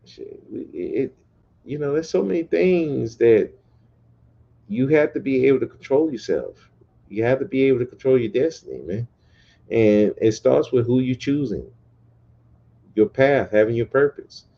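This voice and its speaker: A man's voice: medium pitch, expressive, unhurried, creaky, pauses often, lo-fi sound. A man hosting a podcast livestream, ranting bluntly and profanely in a casual, repetitive way. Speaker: podcast host.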